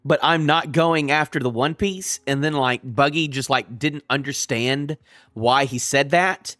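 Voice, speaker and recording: A man reacting live to a manga chapter, rambling and restarting his sentences as he gets excited. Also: a little high, a little slow, no echo, faint music behind.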